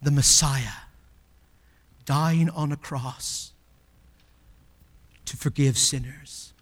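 A male pastor preaching a sermon, emphatic, swinging between loud exclamations and hushed, slowed asides. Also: fairly high pitch, steady tone, in a large hall.

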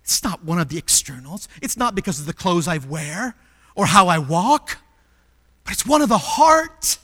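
A man preaching a sermon as pastor, emphatic and full of rhetorical questions, swinging between loud declarations and hushed, intimate passages. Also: high voice, animated, normal speed.

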